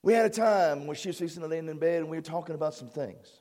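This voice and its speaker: A middle-aged man, a pastor, preaching an excitable sermon that swings between shouted declarations and hushed asides. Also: fairly high pitch, fast talker. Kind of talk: fervent sermon. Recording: long hall reverb.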